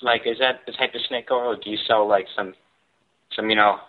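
A man's voice: fairly low pitch, steady tone, fairly quick. A man calling into a radio show, hesitant and mumbling as he trolls the hosts. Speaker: caller. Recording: dull lo-fi phone call.

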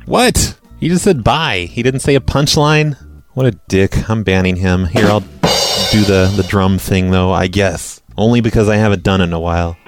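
A man hosting a call-in show, reading out voicemails and talking with a sarcastic, crude, deadpan manner. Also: lowish voice, moderate pace, loud music behind the voice. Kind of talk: casual call-in show chat.

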